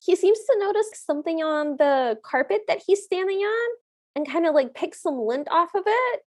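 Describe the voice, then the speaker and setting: Woman podcast co-host, high voice, eager casual scene recaps. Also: lively intonation, normal speed. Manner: enthusiastic, retells scenes with quoted lines. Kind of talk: casual film recap chat.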